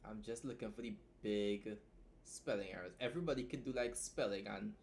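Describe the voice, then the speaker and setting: Brisk, gravelly and darkish, his fairly low voice comes with a little hiss or hum. He's a young writing streamer, tired from staying up, casually teaching editing in a chatty way and frequently tagging his points with "right?".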